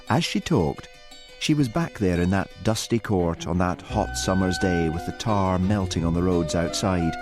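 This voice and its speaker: A man narrating an audiobook with expressive storytelling. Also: low-pitched. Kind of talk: scripted narration.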